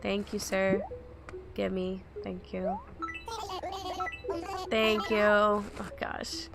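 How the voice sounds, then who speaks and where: A woman's voice: mid-range voice, flat delivery, very slow, creaky. Chatty young woman over game music. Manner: rambling, chatty, bursts into panicked exclamations. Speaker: let's play gamer. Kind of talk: casual gameplay commentary.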